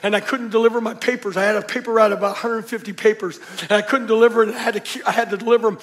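Man, pastor, high voice, sermon, storytelling, acts out voices, hushed to shouting. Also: fairly even intonation, rapid-fire.

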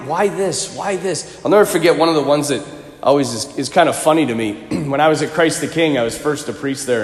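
A priest preaching a sermon, telling a personal story in an animated way with chuckling asides. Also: male voice, fairly high pitch. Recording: echoey reverberant hall.

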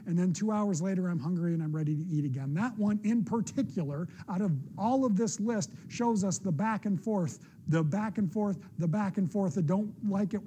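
A man's voice: high voice, warm tone, slightly rough. A middle-aged man, a pastor, preaching a sermon in an earnest, conversational way with personal asides.

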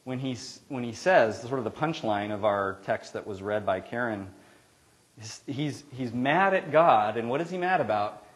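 A man's voice: mid-range voice, expressive, moderate pace, rough recording. A man preaching a sermon in a church, in an earnest, conversational way with frequent restarts. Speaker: pastor. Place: church sanctuary.

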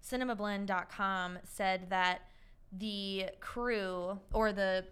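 A young woman hosts a podcast, speaking in a smooth, clean-toned voice. She chats loosely and casually, laughs a lot and swears without fuss. Her pitch sits at an ordinary middle level for a woman. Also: fairly even intonation, slow pace, a bit bright. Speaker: podcast host. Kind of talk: casual chat.

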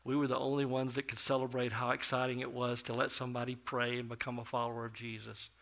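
A middle-aged man preaching a sermon as a pastor, telling a story with big swings between loud and soft. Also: mid-range voice, completely flat delivery, quick pace, vocal fry.

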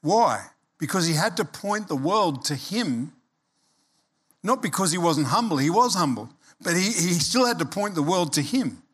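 A pastor in his sixties delivers a sermon in a fairly high voice. He talks conversationally, often stops to check that the congregation follows him, and slips in humorous asides. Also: very animated, moderate pace, fairly bright tone, husky.

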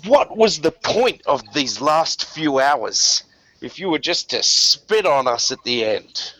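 A man voicing a grieving, furious woman clan leader in a tabletop game, shrieking high when enraged. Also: very animated, takes it slowly, sharp tone, full character voice. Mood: indignant. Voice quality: shrill screaming when enraged.

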